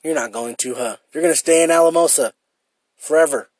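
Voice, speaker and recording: A man's voice: fairly high pitch, fairly quick, a little mellow, breathy edge, no echo. A man in his thirties hosting a solo podcast, rambling and self-deprecating, swearing often and repeating himself as he talks. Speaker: podcast host. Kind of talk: casual solo podcast rant.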